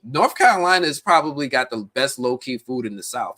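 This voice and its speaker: A man's voice: medium pitch, fairly quick, few pauses. A man hosting a live stream, chatting casually and animatedly with viewers in the chat. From United States. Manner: animated, talks directly to chat viewers, many restarts.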